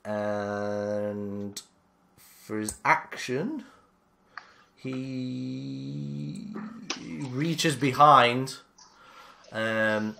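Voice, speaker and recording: A man runs a tabletop game, narrating at an unhurried pace with plenty of hesitations and filler words. His voice is bright and forward, and he talks slowly. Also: medium pitch, vocal fry. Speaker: game master.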